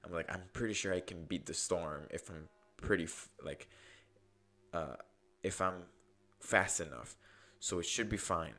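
A podcast host telling a casual, rambling story, full of fillers and quoted self-talk. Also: male voice, deep voice, unhurried, sharp tone. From United States.

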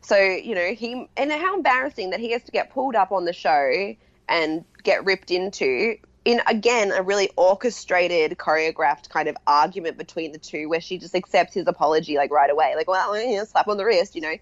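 A woman, co-hosting a casual chat, emphatic and quick to laugh. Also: fairly low pitch, no echo. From Australia. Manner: chatty, emphatic, laughs easily. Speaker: podcast co-host. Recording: dry, dull lo-fi sound.

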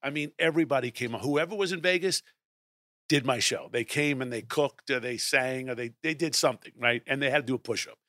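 A middle-aged man telling a lively story, acting out his own lines as he goes. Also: medium pitch, brisk, dry recording, studio quality. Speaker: guest storyteller. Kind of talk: animated anecdote telling.

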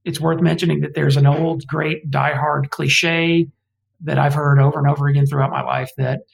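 A man from Alabama in the US South is interviewed conversationally as a guest historian, digressive and opinionated, often correcting himself mid-sentence. His voice is a little high and level, with vocal fry, at normal speed over poor audio.

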